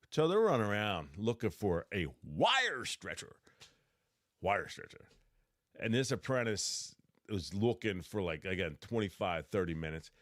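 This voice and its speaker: Lively low-voiced man telling job stories. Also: moderate pace, no echo, studio quality. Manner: animated, acts out quotes in raised voice, stammers and laughs. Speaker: podcast host, electrician trainer. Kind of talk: casual storytelling.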